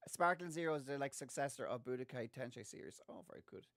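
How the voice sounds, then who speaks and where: A man co-hosting a gaming podcast, chatting casually and telling animated stories. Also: mid-range voice, quick pace. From Ireland. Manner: chatty, animated storytelling with laughs. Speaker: podcast co-host. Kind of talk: casual chat.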